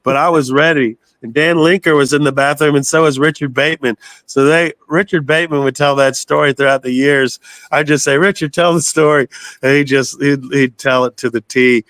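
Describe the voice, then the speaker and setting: Older man, slightly high voice, dry close sound, salty animated storyteller. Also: fairly quick, no echo. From southern United States. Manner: animated storyteller, swears freely, laughs often. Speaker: guest musician. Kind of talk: casual storytelling interview.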